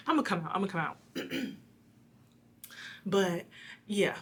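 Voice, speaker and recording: A young woman giving a casual tarot reading, rambling and chatty with a slightly raspy, hoarse voice. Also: mid-range voice, lively intonation, measured pace, pauses often, fairly bright tone. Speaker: tarot reader.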